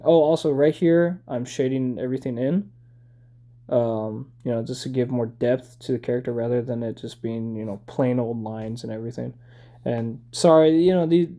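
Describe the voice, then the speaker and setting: A man's voice: mid-range voice, creaky, warm tone. A man ranting in a casual, rambling way while he draws, blunt and swearing, with lots of fillers. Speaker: drawing video creator. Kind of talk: casual rant while drawing.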